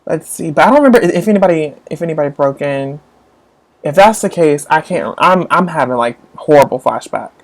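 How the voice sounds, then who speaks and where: A woman with a low voice talks casually to her viewers as a book vlogger. She rambles and gushes, and her voice jumps up into high squeals when something excites her. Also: brisk. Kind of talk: casual live-chat book talk.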